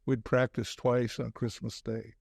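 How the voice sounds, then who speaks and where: Casting: older man, gravelly voice, dry close mic, halting reflective interview guest. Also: mid-range voice, level tone, darkish tone, dry recording. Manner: halting, many restarts and "you know". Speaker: podcast guest, former basketball coach. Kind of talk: casual interview chat.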